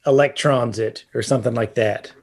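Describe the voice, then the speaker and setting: A man's voice: medium pitch, steady tone, moderate pace, creaky, breathy edge. A man co-hosting a casual home-repair podcast, explaining things at length with plenty of fillers and restarts. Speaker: podcast co-host. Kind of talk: casual chat about roofing.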